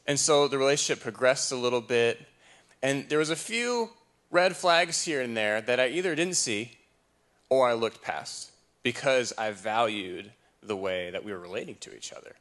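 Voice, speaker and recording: A man's voice: medium pitch, lively intonation, moderate pace, fairly bright tone. A man in his thirties sharing a candid faith story in a casual, conversational way. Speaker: podcast co-host. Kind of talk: candid faith testimony chat.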